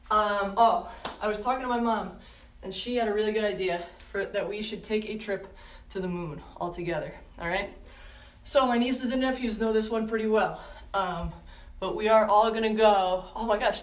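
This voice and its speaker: A young woman with a New Jersey accent leading a home workout for kids, counting reps and cheering them on. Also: medium pitch. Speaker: kids' fitness coach. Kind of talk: live at-home kids' workout. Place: home living room. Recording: echoey room, distant mic.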